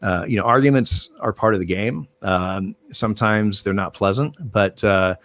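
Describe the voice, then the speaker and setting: An older man, a retired umpire, telling stories in a relaxed interview, with many fillers and restarts. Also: on the low side, moderate pace. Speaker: retired baseball umpire, guest. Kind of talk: casual interview storytelling.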